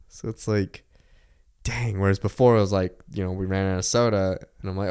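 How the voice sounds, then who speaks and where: Laid-back young man, lowish voice. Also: flat delivery, a little fast, mellow, clean tone. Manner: rambling, with many filler likes and laughs. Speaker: podcast host. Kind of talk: casual chat.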